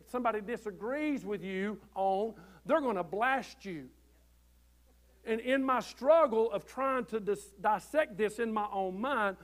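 A man preaching a sermon from the pulpit, folksy and conversational, growing loud when he quotes scripture. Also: high voice. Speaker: pastor. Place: church.

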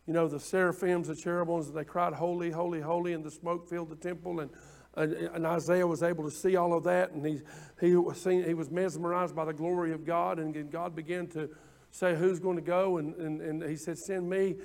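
A man preaching a sermon, impassioned and repetitive at times, then dropping into quiet asides. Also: fairly high pitch, little pitch movement, brisk, gravelly. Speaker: pastor.

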